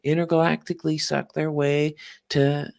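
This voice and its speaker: A man's voice: a little high, little pitch movement, normal speed, creaky, a little mellow, voice pushed up. A man doing a brash ranting comedian. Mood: mock outrage.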